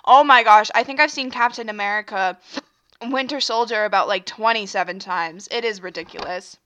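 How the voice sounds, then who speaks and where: On this solo podcast, a young woman with the hiccups chats and rambles, full of fillers and interrupting herself. She speaks fairly quickly in a sharp, mid-range voice, though the audio sounds dull.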